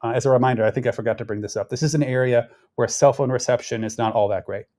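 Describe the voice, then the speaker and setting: A man's voice: medium pitch, fairly even intonation, fast, a little mellow. A man giving casual, rambling political commentary, restarting his sentences often. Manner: rambling, conversational, frequent restarts and fillers.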